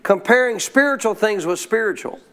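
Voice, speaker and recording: High-voiced preacher with call-and-response. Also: male voice, lively intonation, normal speed, a bit bright. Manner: call-and-response, leaves blanks for the crowd to fill; emphatic, repeats key lines. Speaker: pastor. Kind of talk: sermon. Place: church service.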